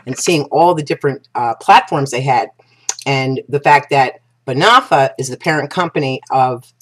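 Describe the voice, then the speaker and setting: A woman talking casually to her viewers as an affiliate marketer, gushing and excitable, restarting sentences and piling up exclamations. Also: very deep voice, moderate pace. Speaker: affiliate marketer pitching a business platform. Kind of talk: casual promotional vlog talk.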